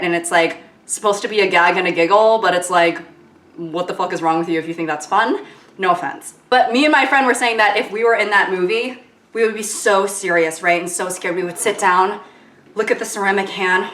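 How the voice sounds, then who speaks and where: A woman's voice: medium pitch, normal speed, a bit bright. A woman vlogging casually at home while doing her makeup, rambling and joking crudely, filmed on a camera mic that is sometimes far from her. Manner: chatty, rambling, crude jokes, lots of fillers. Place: room at home. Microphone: camera mic, at times far from it. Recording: echoey home room.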